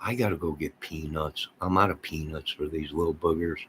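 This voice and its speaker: A man's voice: rumbling low, fairly even intonation, brisk, a bit bright, a little hiss or hum. An American man rambling casually as he chats with livestream viewers, reading their comments aloud and trailing off mid-thought. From United States. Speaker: livestream host chatting with viewers.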